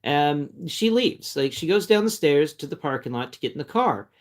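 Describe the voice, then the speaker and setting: A man's voice: on the high side, lively intonation, normal speed. A man telling a personal story in a casual, rambling way, often repeating words and restarting sentences. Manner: chatty, breaks off to talk to his cat.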